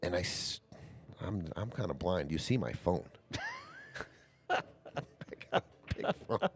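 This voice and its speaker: Deep-voiced man commentating with lively inflection. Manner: halting, restarts often while explaining shots. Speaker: pool commentator. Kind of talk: casual live commentary.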